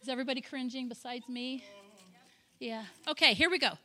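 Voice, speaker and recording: A woman missionary giving a sermon, telling stories with feeling, breaking into shouted praise and chatty asides. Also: sits high, fairly quick. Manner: emotional storytelling, bursts into loud shouted praise; chatty, self-interrupting asides. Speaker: missionary speaker.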